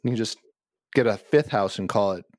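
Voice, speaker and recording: A man's voice: on the low side, brisk, darkish tone, no room sound, clean studio sound. Playful joking man from Minnesota. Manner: playful, jokey, self-mocking. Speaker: podcast co-host. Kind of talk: casual banter.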